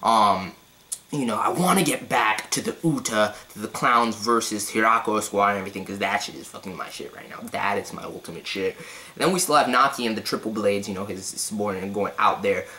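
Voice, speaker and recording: A man giving a casual, excitable manga chapter review, full of slang and swearing, swinging between loud outbursts and hushed asides. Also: on the low side, fairly quick, low-quality recording.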